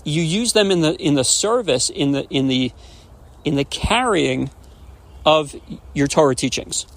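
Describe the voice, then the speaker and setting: A man in his forties, a rabbi, telling stories and jokes on a podcast in an animated way, often restarting words. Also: fairly high pitch, a little slow. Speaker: rabbi and educator. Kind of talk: podcast storytelling.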